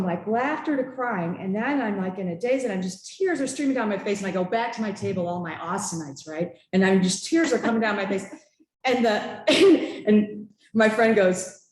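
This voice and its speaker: A woman telling a personal story at a church gathering, animated and laughing, acting out what people said. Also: mid-range voice. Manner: animated, laughing, with acted-out quotes. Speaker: church member sharing a story. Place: church hall. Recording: echoey church hall.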